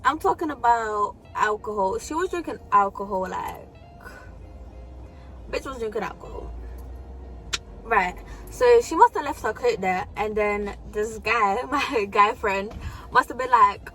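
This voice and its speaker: Chatty young woman, higher voice. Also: expressive, a little slow, long pauses, a bit bright, soft background music. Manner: casual slangy chat, frequent swearing and fillers. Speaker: vlogger. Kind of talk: storytime vlog.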